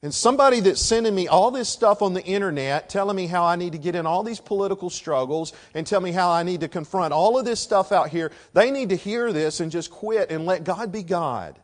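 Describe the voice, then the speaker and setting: A man preaching a sermon, dropping to a hush and then rising to loud shouted emphasis. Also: high voice, animated, fairly quick, hardly any pauses. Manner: swings from hushed to shouting for emphasis.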